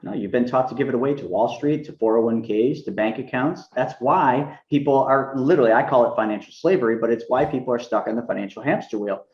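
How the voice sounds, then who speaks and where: Energetic man telling stories in a roomy, dull recording. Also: mid-range voice, quick pace, hardly any pauses. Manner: energetic, acts out quoted dialogue in a raised voice. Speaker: guest, money mentor. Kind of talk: animated storytelling interview.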